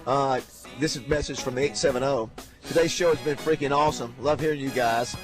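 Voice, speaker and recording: A man's voice: medium pitch, steady tone, fairly quick, music in the background. A man hosting a casual sports radio show, loose and laughing as he prompts his co-hosts. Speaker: radio host.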